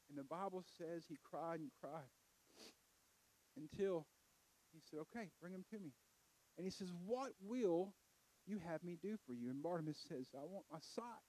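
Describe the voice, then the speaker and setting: A high-pitched middle-aged man preaches in a folksy, conversational way that swells into loud, emphatic bursts. His voice sits close and dry, with little room sound around it. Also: lively intonation, normal speed, pauses often, dry recording, low-quality recording. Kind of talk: sermon. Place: church.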